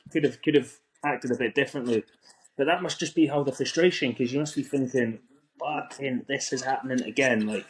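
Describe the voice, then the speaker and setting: A young Scottish man co-hosting a live football podcast. He talks in a relaxed, easygoing way, mostly agreeing in short replies before adding his own take. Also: medium pitch. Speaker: podcast co-host. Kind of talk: casual football chat.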